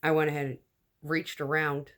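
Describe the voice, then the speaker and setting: Blunt, animated woman telling a story. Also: sits low, normal speed. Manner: animated, acts out quoted dialogue; blunt, swears casually. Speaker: vlogger telling a personal story. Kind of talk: casual storytime monologue.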